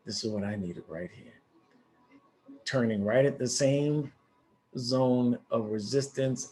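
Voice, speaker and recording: Excitable man walking through live trades. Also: medium pitch, slow, long pauses. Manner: excitable, talks to viewers with casual exclamations and repeated restarts. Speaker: forex trading educator. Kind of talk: live trading walkthrough.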